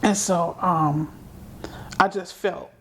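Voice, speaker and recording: Woman telling her story, slightly low voice. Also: steady tone, takes it slowly, slight background noise. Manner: vivid, acts out remembered dialogue. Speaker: guest. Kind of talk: personal storytelling.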